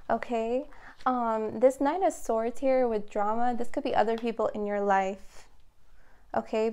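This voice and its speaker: A young woman with a slightly high voice gives a casual tarot reading straight to camera. She talks in an excitable, rambling way, full of fillers and restarts. Her delivery is chatty and unscripted. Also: clear, resonant tone. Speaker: tarot reader.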